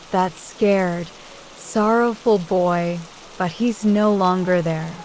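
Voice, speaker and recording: A woman reads an audiobook aloud in the first person, calm and measured. She reads very slowly at a middle pitch. Soft rain sits faintly behind her voice. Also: slight background noise, rough recording. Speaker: audiobook narrator. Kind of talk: scripted first-person narration. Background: rain sound.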